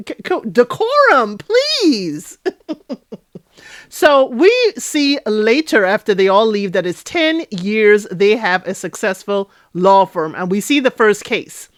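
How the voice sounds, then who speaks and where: A woman hosting a casual TV recap and review, chatty and animated, talking straight to her viewers. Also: mid-range voice, no room sound, clean studio sound. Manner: chatty, animated, addresses viewers directly, frequent "you know" and "okay?". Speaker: TV recap host.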